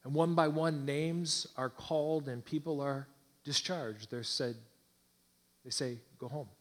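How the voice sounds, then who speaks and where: A man preaching, telling a dramatic story in slow, hushed, intense phrases. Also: on the high side, steady tone, in a large hall. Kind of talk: sermon storytelling.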